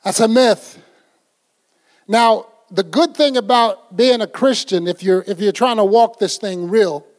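An older man preaching a folksy, conversational sermon, acting out little scenes as he goes. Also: sits high. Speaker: pastor.

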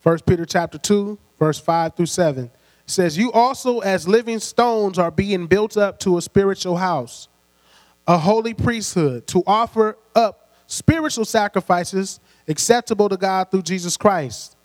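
High-voiced preacher in a reverberant hall. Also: male voice, unhurried, darkish tone. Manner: call-and-response, prompting the congregation; conversational, laughs between points. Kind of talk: sermon. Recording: long hall reverb with mains hum.

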